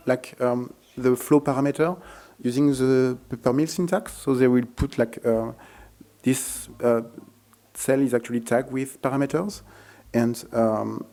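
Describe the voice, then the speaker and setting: A man presenting a live technical demo at a conference, speaking haltingly with many fillers and restarts. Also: medium pitch, creaky, warm tone. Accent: French.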